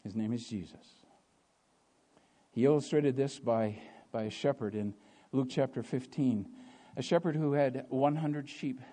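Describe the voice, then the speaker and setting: A man preaching a sermon, asking rhetorical questions and swinging between quiet passages and loud, emphatic ones. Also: medium pitch, fairly even intonation, a little slow.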